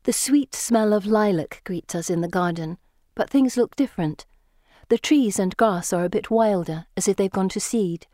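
A woman narrates a first-person audiobook in a measured, even storytelling manner. Her mid-range voice comes through clean studio sound with no room sound.

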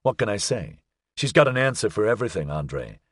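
A man's voice: lowish voice, very animated, a little fast, slightly rough, dry recording, clean studio sound. A man doing a weary, exasperated man. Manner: exasperated, wry.

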